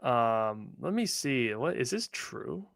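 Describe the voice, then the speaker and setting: A man's voice: medium pitch, very animated, slow, creaky, fairly bright tone, dry recording, clean studio sound. A man co-hosting a sports podcast, chatting loosely and laughing often. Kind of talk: casual sports chat.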